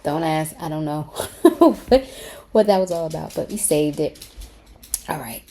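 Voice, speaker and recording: A woman's voice: low voice, animated, measured pace, creaky, dark tone. A woman hosting a casual craft tutorial, talking eagerly to her viewers and often dropping to a whisper. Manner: enthusiastic, often drops to a whisper. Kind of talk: casual screen-share tutorial.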